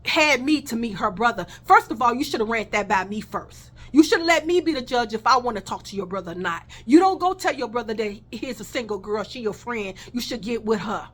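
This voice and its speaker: A woman's voice: a little high, animated, fairly quick, few pauses, fairly bright tone. A woman telling a personal story in a casual vlog, blunt and heated, swearing freely and talking straight to her viewers.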